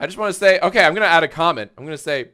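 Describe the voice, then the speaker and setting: Guy streaming, reacting to clips and going off with sarcastic cursing rants, sharp bright voice. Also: on the high side, expressive, racing, clear, resonant tone. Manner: sarcastic, profane ranting. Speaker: livestream host. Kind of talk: casual livestream commentary.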